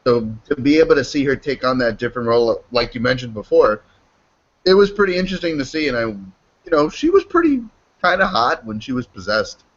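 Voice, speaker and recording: A man hosting a casual podcast chat. His voice is slightly husky and his talk is loose and joking, full of swearing. The recording sounds a bit dull. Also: medium pitch, very animated, a little fast. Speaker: podcast host.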